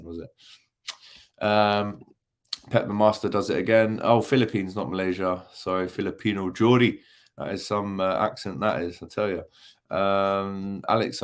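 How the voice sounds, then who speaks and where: A young man hosting a casual football livestream, reading chat comments with jokey banter and lots of ums. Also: low-pitched. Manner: chatty and jokey, many ums, teasing banter. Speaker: football channel host reading live chat.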